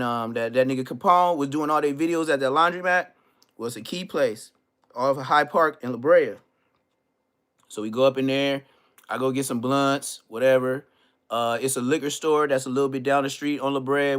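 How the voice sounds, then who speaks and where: A man tells stories from the neighborhood in a casual livestream. He talks loosely in street slang and quotes other people vividly. His voice sits in a middle pitch. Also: smooth. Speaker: livestream host.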